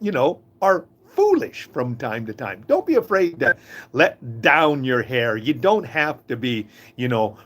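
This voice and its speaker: An older man gives an inspirational talk in a casual, folksy way. His voice swings high and low with lively energy. He often chuckles at his own stories. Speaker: host of a live talk.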